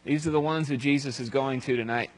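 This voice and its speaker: A male pastor giving a conversational sermon, telling the story aloud and dropping to a hush at solemn moments. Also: mid-range voice, fairly even intonation, quick pace, poor audio.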